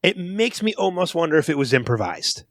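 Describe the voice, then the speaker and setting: Brief: male podcast co-host, slightly high voice, excitable movie-review chatter, dry close sound. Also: brisk, no room sound. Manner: animated, restarts and repeats words when excited. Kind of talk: casual movie review chat.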